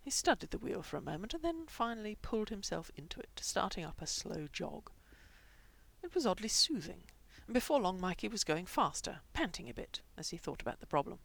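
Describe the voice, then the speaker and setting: Gravelly-voiced woman reading a story aloud. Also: mid-range voice, brisk. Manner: expressive, animated narration. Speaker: reader. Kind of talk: reading fan fiction aloud.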